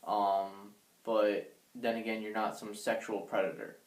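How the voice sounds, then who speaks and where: Measured young man in an echoey room. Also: on the low side, flat delivery. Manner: measured, with many ums and uhs. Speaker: dating advice vlogger. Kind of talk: casual advice talk.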